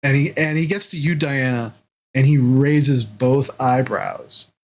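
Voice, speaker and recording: Rambling game master narrating a tabletop game. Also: male voice, medium pitch, measured pace, rough recording. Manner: loose and rambling, many fillers.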